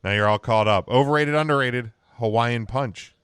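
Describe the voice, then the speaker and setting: A man's voice: mid-range voice, normal speed, a bit bright, clean tone, no room sound, clean studio sound. A man hosting a casual podcast chat, laid-back and hesitant with many fillers. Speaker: podcast host.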